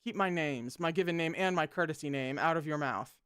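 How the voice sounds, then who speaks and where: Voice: medium pitch, a little fast, a bit bright, dry recording, clean studio sound, natural voice. A reader voicing a harsh, wounded male sect leader who snaps and curses. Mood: furious. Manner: snapping, gruff, cursing.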